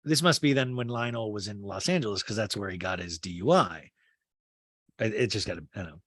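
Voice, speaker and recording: A man hosting a podcast, recapping a TV show with crude, rapid-fire jokes. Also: on the low side, fairly bright tone, no room sound, studio quality. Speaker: podcast host. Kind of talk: comedic TV recap.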